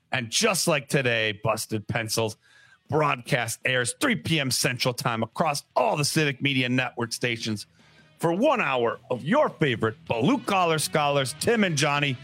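A man's voice: mid-range voice, a bit bright, no echo, studio quality. Sarcastic rambling male podcast co-host. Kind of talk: casual chat.

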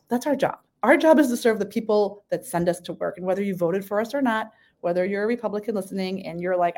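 A woman's voice: medium pitch, darkish tone. A middle-aged woman, a state senator, talking in an earnest, plainspoken way as a guest on a radio talk show, with some restarts. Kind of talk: casual radio interview.

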